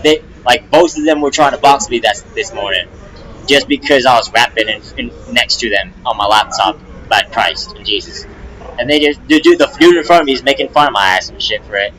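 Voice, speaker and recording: A man's voice: mid-range voice, bright, forceful tone, poor audio. A young man, a rapper, venting on a casual live stream, rambling and agitated, full of restarts and swearing.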